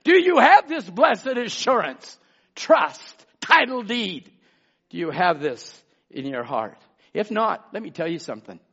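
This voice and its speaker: A man preaching a sermon as pastor, swinging between emphatic shouts and hushed asides and calling out listeners by name. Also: high voice, big pitch swings, a little slow, slightly rough. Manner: calls out congregation members by name. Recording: dull lo-fi sermon recording.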